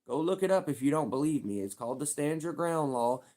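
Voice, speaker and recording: A man's voice: on the high side, expressive, fairly quick, darkish tone. A young man with a Louisville, Kentucky accent, talking casually on his livestream in a rambling, repetitive way full of street slang.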